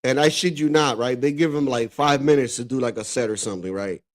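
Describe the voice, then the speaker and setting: A man from the Dominican Republic hosting a casual reaction stream, talking in a loose, profane, excitable way and laughing often. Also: mid-range voice, brisk. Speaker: streamer host reacting to clips.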